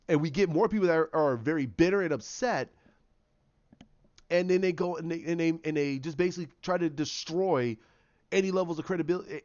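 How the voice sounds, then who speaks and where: A man with a fairly high voice delivers a heated solo rant, hammering his points through repetition and restarts. The recording is slightly dull and lo-fi. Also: a little mellow. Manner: impassioned and repetitive, restarting phrases. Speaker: YouTube commentator.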